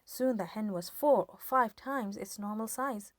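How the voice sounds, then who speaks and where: A woman reading a children's story aloud with lively, expressive storytelling. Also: medium pitch, measured pace, no room sound. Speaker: storybook reader.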